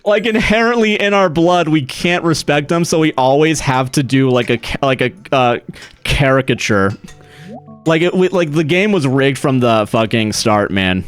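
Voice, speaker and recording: A man's voice: on the high side, expressive, moderate pace, clean tone. A young adult man from the US, a streamer chatting casually in a rambling, profane way and laughing often. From United States. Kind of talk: casual chat. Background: faint music.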